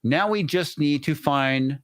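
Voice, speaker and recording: A man's voice: a little high, slow pace, dry recording, studio quality. A man hosting a casual live stream, reading out super chats and joking loosely after a few drinks. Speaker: host.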